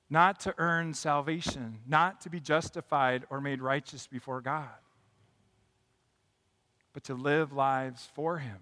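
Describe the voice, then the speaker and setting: A male pastor delivers a sermon in a sanctuary with a long, ringing reverb. His voice is bright and sits a bit high. He moves between hushed reflection and impassioned, emphatic preaching.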